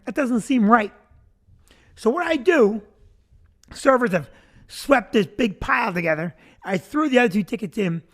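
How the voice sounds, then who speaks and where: A man telling a stand-up story on a comedy club stage, animated and acting out crowd voices. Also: sits high.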